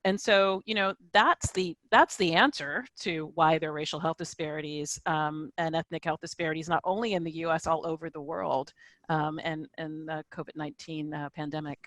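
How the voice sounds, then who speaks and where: A woman scholar talks through a point on a video-call panel, building it layer by layer. She checks in with "right?" and "you know" as she goes. Her voice sits fairly low and sounds dry and close. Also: steady tone, moderate pace, fairly bright tone, dry recording, low-quality recording. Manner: thoughtful, hedging with frequent "you know" and "right?". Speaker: social scientist panelist. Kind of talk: academic panel discussion.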